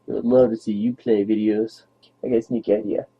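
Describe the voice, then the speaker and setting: Husky young man, tinny lo-fi audio. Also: on the low side, level tone, a little fast. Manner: rambling, playful, babying talk. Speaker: vlogger. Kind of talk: casual talk to his dog on camera.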